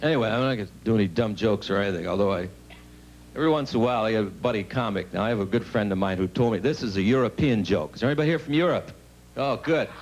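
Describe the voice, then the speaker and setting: A man doing a stand-up comedy monologue in a TV studio, telling rambling deadpan stories with asides to the audience. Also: fairly low pitch, rapid-fire, low-quality recording. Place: TV studio stage with live audience.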